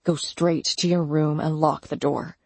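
A woman's voice: low-pitched, steady tone, a little slow, gravelly, breathy edge, no room sound, pitched below the performer's own voice, full character voice. A woman voicing a worried young man who protectively urges his girlfriend to come with him, in an audiobook. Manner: urgent, pleading.

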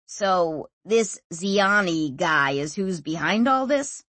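A wry, laconic male companion drawls each line slowly, voiced by a woman reading an audiobook. His tone is husky and breathy, recorded close and dry. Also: on the low side, expressive, a bit bright, no room sound, exaggerated voice. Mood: drawling.

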